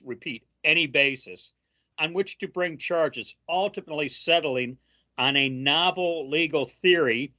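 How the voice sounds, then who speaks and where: Man, casual political chat, reads quotes aloud, halting fillers, lo-fi sound. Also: fairly high pitch, sharp tone. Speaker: co-host.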